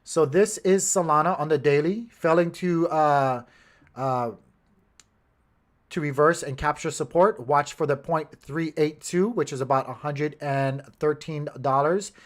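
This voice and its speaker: A man's voice: a little high, a little slow. Chatty man hosting a livestream. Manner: rambling, talks to chat, mutters to himself when tech fails. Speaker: crypto livestream host. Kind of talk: casual livestream chart talk.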